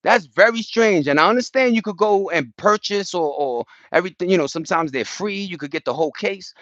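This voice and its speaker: A man's voice: high-pitched, fairly quick, no echo, muffled recording. A man ranting casually on a livestream outdoors, talking to his chat in profane street slang and acting out what other people say. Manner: animated, profane street slang, acts out quotes. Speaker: livestream host.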